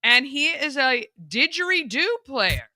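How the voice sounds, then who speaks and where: Bubbly bright-voiced woman host. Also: high voice, very animated, slow, no room sound. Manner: bubbly, effusive. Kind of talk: live morning show chat.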